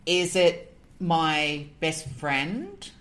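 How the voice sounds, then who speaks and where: Earnest low-voiced woman guest. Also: lively intonation, drawn-out words, fairly bright tone. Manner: earnest, rhetorical questions, tells stories. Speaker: guest, animal communicator. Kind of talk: interview conversation.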